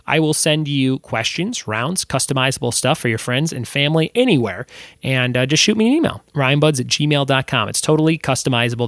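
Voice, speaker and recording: A man's voice: a little high, no echo, studio quality. Chatty man hosting a trivia podcast. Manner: chatty, self-deprecating asides. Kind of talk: solo podcast quiz reading.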